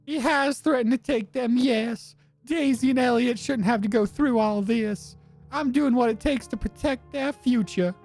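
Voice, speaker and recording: A man's voice: a little slow, a little mellow, faint music behind, exaggerated voice. A man putting on an anxious otter wife. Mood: defensive. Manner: pleading, higher girlish voice. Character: worried otter wife seeking a detective. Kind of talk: game dialogue read aloud.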